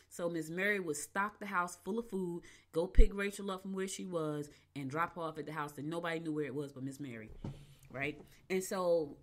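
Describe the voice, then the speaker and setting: Woman podcast host, lower register, casual digressive storyteller who acts out quoted dialogue.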